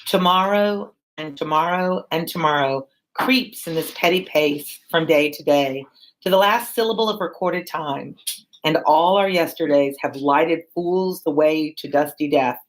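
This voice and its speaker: Doomed weary king read by a woman for a class read-aloud, slightly low voice, plain delivery from the page. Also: a little slow, rough recording. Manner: reads the lines aloud from a text. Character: weary doomed Scottish king Macbeth, man.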